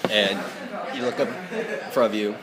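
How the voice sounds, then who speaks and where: A man's voice: on the low side, steady tone, moderate pace, a loud crowd. Laid-back man running a tabletop game. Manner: loose and casual, laughs often. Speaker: game master.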